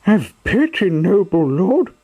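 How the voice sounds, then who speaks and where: A man's voice: very animated, slow, darkish tone, breathy edge, full character voice. A man voicing an earnest wooden puppet boy in a raised, pleading voice. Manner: pleading, high strained voice.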